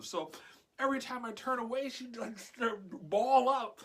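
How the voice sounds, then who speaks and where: A man vlogging a casual personal story, animated and acting out the dialogue. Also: extremely high pitch, moderate pace, breathy edge.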